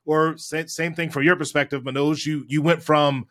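Man, bright voice on the high side, animated storyteller who keeps checking in with "right?". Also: normal speed. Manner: animated storyteller, frequent "right?" tag questions. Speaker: guest. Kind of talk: storytelling in a podcast chat.

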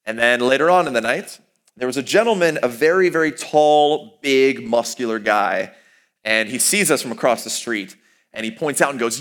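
A young man telling a personal story in a talk, animated and expressive, jumping up in pitch and volume for emphasis. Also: moderate pace. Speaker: student speaker sharing a personal story.

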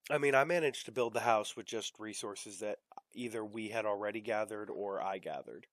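Low-voiced casual young man host. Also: normal speed, no echo. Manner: rambling, lots of fillers and swearing. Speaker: podcast host. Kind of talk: casual chat.

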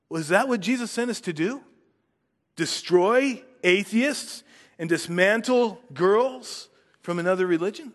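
A man preaching a sermon as pastor, earnest, building force on key words and dropping soft at phrase ends. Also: a little high, normal speed, long reverb tail.

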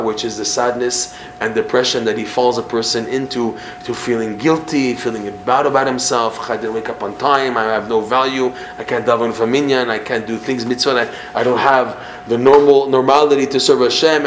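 A man gives a Torah class in a lively, teacherly way. He restarts phrases and acts out little examples. His voice sits in a roomy space with a faint hum of ambience behind it. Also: mid-range voice. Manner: animated, acts out examples, repeats himself.

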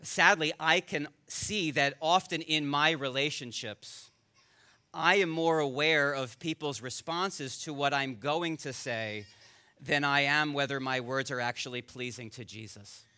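A man's voice: a little high, a little slow, pushed and bright, clear, resonant tone. A man preaching a sermon as pastor, earnest and rising to emphatic peaks, at times addressing the children directly.

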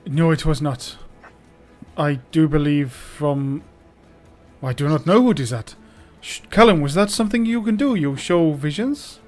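A man's voice: on the high side, measured pace, a little mellow, soft background music, lightly acted. A man voicing a wary adventurer who speaks stiffly and formally. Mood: defensive.

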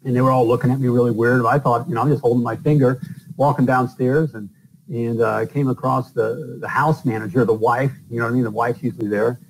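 Talking fast with fairly even intonation, a middle-aged man from the northern US, who works as a plumber and hosts a podcast, tells loose, filler-heavy stories in a casual interview. His voice is medium-pitched, and the rough recording has a little hiss or hum.

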